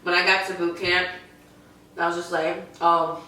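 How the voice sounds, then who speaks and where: A woman's voice: fairly low pitch, monotone, normal speed, bright, forceful tone, far from the mic. Chatty young woman in an echoey room. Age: young adult. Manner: bubbly, chatty, lots of "like". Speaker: YouTube host. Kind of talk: casual chat over food. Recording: echoey room, off-mic, faint background noise.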